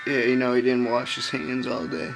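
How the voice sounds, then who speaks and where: A man's voice: mid-range voice, little pitch movement, normal speed, creaky, music in the background, rough recording. Crude joking man reviewing movies. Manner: crude, joking commentary, laughs often. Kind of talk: casual chat.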